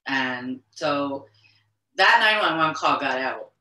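A middle-aged Québécoise, the mother of the deceased, speaks as an interview guest in an echoey room. Her extremely low, bright voice is slow, expressive, and forceful as she recounts events earnestly and insistently, often circling back and restarting sentences in emotional conversation.

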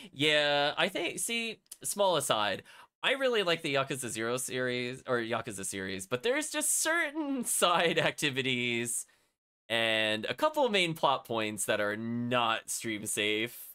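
A man's voice: a little high, pushed and bright, clear, resonant tone. Musing man streaming a game. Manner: musing, self-conscious, frequent restarts and laughs. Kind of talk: casual let's-play commentary. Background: game music.

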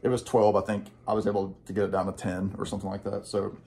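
A man's voice: fairly low pitch, completely flat delivery, fast, creaky, dark tone. A young man chatting casually and rambling enthusiastically, with lots of fillers, about records he bought. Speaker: guest record collector.

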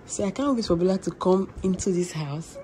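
A woman's voice: fairly low pitch, fairly quick, slight background noise. A young woman chatting casually to her vlog audience. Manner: chatty, laughing, animated. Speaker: vlogger.

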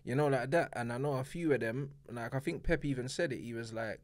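A man's voice: mid-range voice, fairly quick, few pauses, dry recording. A young man, chatting easily about school and football as a podcast host. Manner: laid-back, slangy, laughs along. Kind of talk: casual banter.

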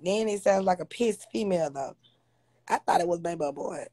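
A woman's voice: lowish voice, normal speed, warm tone, no echo. A woman hosting a casual livestream on her phone, blunt, profane and confrontational as she talks to viewers. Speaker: livestream host.

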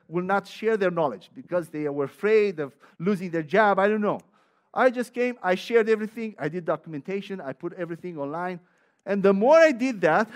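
High-voiced man preaching with emphasis. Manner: emphatic and repetitive, with frequent restarts; conversational, personal asides with light laughter. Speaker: pastor. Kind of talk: sermon.

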